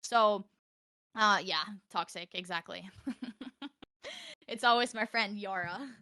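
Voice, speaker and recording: A young woman from Norway, a streamer chatting as a podcast guest, animated and quick to laugh. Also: medium pitch, no echo, studio quality. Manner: animated, laughs often, acts out quotes. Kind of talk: casual chat.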